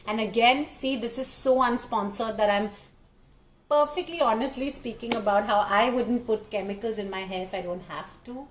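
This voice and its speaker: Chatty woman with a raised pitch. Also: normal speed, a little hiss or hum, rough recording. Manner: chatty, candid, reads viewer comments aloud. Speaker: live-stream host. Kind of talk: casual live-stream chat.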